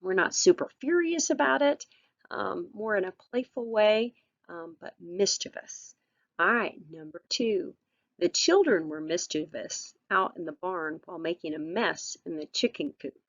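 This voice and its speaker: A woman's voice: on the low side, animated, a little slow, no room sound, lo-fi sound. A woman teacher giving a recorded vocabulary lesson, patient and encouraging, with frequent ums and all-rights.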